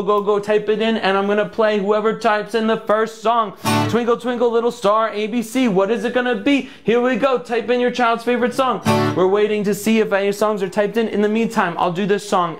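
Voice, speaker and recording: A man hosting a live-streamed kids' music show from home, playful and bouncy, bursting into squeals of mock surprise. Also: high voice. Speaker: children's entertainer. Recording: guitar loud behind voice.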